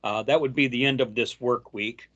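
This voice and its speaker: A man co-hosting a casual political chat, reading news quotes aloud with frequent halting fillers. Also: medium pitch, steady tone, fairly bright tone, lo-fi sound. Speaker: co-host.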